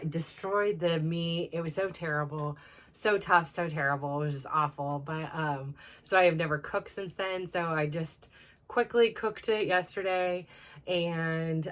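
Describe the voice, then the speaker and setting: A middle-aged woman with a notably low, deep speaking voice tells a personal story on her self-improvement show. She rambles casually, packing her sentences with "like" and "you know" and restarting them often. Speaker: self-improvement podcast host.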